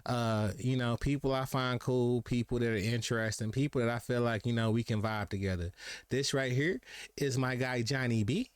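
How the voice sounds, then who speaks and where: A young man hosting a live podcast, talking in relaxed, slangy fashion and jumping into other people's voices as he tells a story. His voice sits at a middle pitch and is recorded dry and close on a streaming mic. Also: moderate pace, clean tone, no echo. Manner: laid-back slangy storytelling, acts out quotes. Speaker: podcast host. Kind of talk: casual streamed chat.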